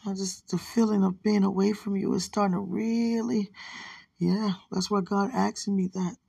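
A woman leaving a soft, rambling, affectionate voice message while lying in bed at night, with her phone held close to her mouth. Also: mid-range voice, level tone, normal speed, gravelly, slightly rough, no room sound. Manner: soft, hushed, rambling and affectionate, often religious. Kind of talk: intimate late-night voice message.

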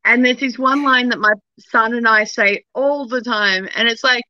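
A woman's voice: a little high, moderate pace, sharp tone, no room sound, highs cut off. An Australian woman from Melbourne, a guest talking in a frank, chatty way and laughing easily. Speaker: actor and guest. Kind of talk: casual interview chat.

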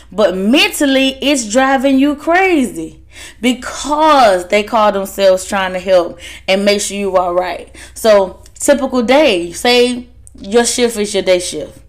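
A woman giving a casual motivational talk to fellow workers, animated and laughing as she acts out her family's voices. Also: medium pitch. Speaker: speaker addressing workers.

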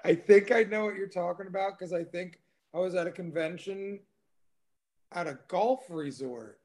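A man with a high-pitched voice talks on a casual podcast. He is laid-back and profane, with frequent laughs. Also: normal speed, a little mellow. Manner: laid-back, swears a lot, laughs often. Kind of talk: casual chat.

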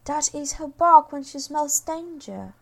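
A woman's voice: high-pitched, lively intonation, measured pace, vocal fry, pitched above the performer's own voice, full character voice. A woman voicing a wise, earnest young girl in a storybook reading.

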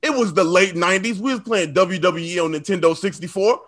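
Male storyteller, 30s; high, bright voice, animated and laughing. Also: fairly quick. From South Side of Chicago. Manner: animated, laughing often, slangy asides to the audience. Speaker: storyteller on a comedy show. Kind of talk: comic storytelling.

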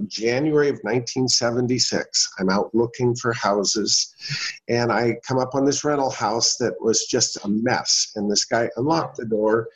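A middle-aged man telling a personal story as an interview guest, folksy and anecdotal, acting out the people in it. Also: mid-range voice. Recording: dull lo-fi sound.

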